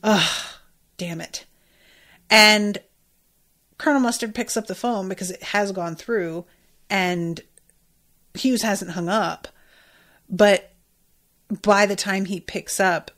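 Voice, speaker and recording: A woman's voice: medium pitch, slow, pauses often, fairly bright tone. A woman podcast host recaps an episode in casual chat, talking in a mid-range voice. She reacts in an emphatic, exclamatory way, with frequent swearing.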